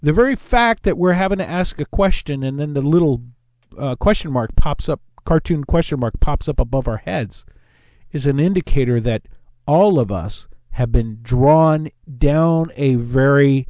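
A man's voice: a little high, a little slow, warm tone, no room sound. A man from Southern California hosting a talk radio show, rambling in a casual monologue and often breaking off his own sentences. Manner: rambling, self-interrupting, jokey. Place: radio studio.

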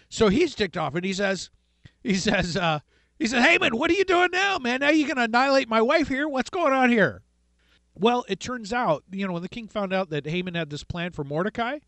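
A man hosting a call-in radio show, retelling a story with lively acted-out voices for each character. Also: a little high, dry recording. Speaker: radio talk show host.

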